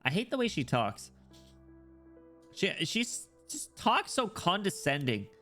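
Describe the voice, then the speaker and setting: A man streaming a game, reacting with crude jokes and quick, laughing commentary. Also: high-pitched, huge pitch swings, bright, forceful tone, faint music behind. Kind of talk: casual gaming stream commentary.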